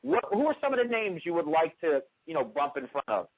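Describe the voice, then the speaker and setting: A male radio host interviewing a guest in a chatty, halting way, with many restarts. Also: a little high, very animated, dry recording. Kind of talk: casual interview. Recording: dry, dull lo-fi radio sound.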